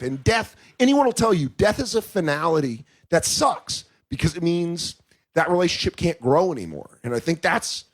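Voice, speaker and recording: On a podcast, a male comedian in his thirties speaks candidly, telling stories full of curse words and performed quotes in character voices. His pitch is fairly high, and he talks at normal speed.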